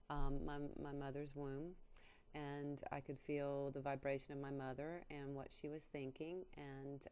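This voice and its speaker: A middle-aged woman telling a personal spiritual story on the radio, earnest and halting, with many fillers and restarts. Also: deep voice, dark tone.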